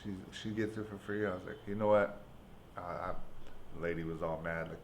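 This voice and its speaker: A man from San Francisco hosting a casual podcast chat, easygoing and profane, often answering with a quick "yeah". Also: low-pitched, steady tone, slight background noise. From United States, San Francisco. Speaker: podcast host.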